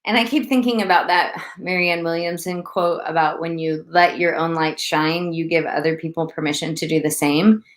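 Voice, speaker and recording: A woman co-hosting a casual chat, talking in an animated, rambling way and often laughing. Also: fairly low pitch, moderate pace, few pauses. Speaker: co-host.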